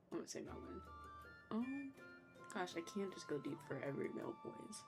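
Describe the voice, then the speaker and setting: A woman's voice: mid-range voice, expressive, fast talker, a little mellow, soft background music. A young woman chatting casually and self-deprecatingly while playing a game and voicing its characters. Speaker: game streamer. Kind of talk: casual gameplay commentary.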